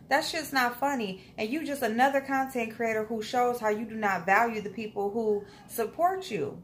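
A woman's voice: a little high, slight background noise. A young woman, giving a blunt, scolding, profane commentary rant in a casual vlog. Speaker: commentary vlogger.

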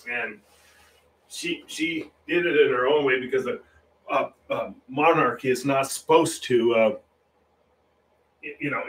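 A man's voice: mid-range voice, fairly bright tone, far from the mic. A man chatting casually while he paints on a livestream, rambling with frequent restarts and chuckles. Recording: roomy echo, voice a little off-mic, faint room noise.

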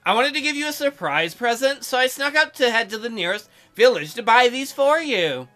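An earnest, awkward young princess from a dating-sim game, put on by a man, eager and apologetic, pitched high with a sharp, bright tone. She sounds keen to please. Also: animated, normal speed, faint music behind, heavily acted.

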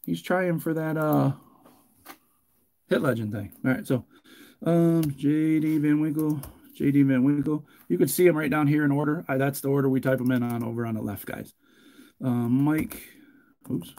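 A man hosts a live card break, talking casually and cracking jokes. His voice sits a little high, and he turns loud and excited when the hits come. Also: normal speed, creaky. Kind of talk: live stream break commentary.

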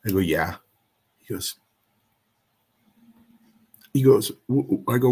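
A man sits for an interview and tells a story casually. His voice is slightly low and husky. He brings his quotes to life by doing the other people's voices. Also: expressive, slow, warm tone. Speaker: interview guest.

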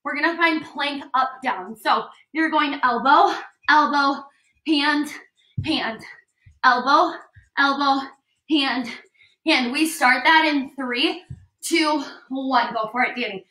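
A high-pitched young woman trainer leads a workout, cueing form and counting down with upbeat energy. Her bright voice rings through a roomy, echoey space. She sounds a little away from the microphone. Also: slow. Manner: upbeat coaching, counting down reps, frequent "right?". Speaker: fitness trainer. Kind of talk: leading a workout class. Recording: echoey room, voice a bit distant.

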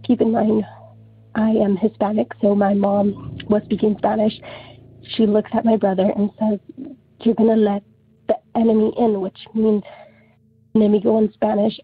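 A woman with a very husky, breathy voice and a gravelly fry tells her story in a loose, rambling way, scattering "like" everywhere. She comes through a thin, phone-like line with faint music underneath. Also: mid-range voice, no echo. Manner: rambling, heavy use of "like". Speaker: caller. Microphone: telephone.

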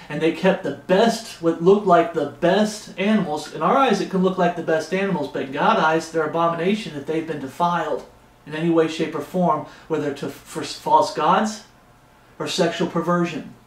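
A man's voice: on the high side, normal speed. A man preaching an expository Bible sermon with passion, often raising his voice. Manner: impassioned, raises his voice. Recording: echoey room.

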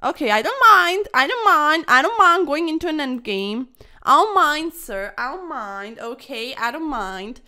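A woman's voice: sits high, sing-song, a little slow, sharp tone. A young woman commentating her own online chess games in a playful, dramatic way, full of quirky slang and mock-formal asides. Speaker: chess streamer.

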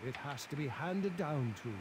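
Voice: medium pitch, animated, normal speed, a little hiss or hum, lightly acted. An actor voicing a jolly male baker in a video game who loves hugs.

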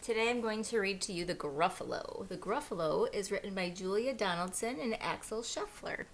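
A woman teacher reading a picture book aloud to children, animated and asking them questions along the way. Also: mid-range voice, normal speed, slight background noise. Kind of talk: children's story read-aloud.

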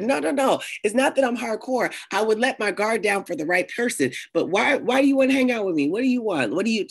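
A woman preaching a conversational sermon, animated, acting out the voices of the people she quotes. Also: medium pitch, brisk, husky. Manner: animated, acts out quoted voices, laughs often. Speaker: prophetess and preacher.

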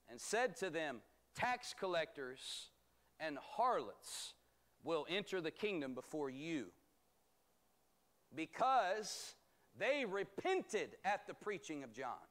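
A man teaching a bible study as pastor, reading scripture aloud and explaining it in a measured, emphatic way. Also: on the high side, a bit bright. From United States.

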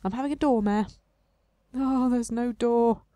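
A woman's voice: fairly high pitch, a little slow, dark tone, no echo. A woman hosting a game playthrough, reading the text aloud and adding playful, self-mocking asides. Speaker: let's play host.

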